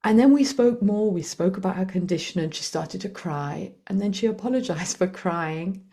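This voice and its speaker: A woman talks as a podcast guest, with a mid-range voice. She tells her stories in quick, lively bursts, acting out the bits of talk she quotes. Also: mid-range voice. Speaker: guest, author and executive coach. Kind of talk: conversational storytelling.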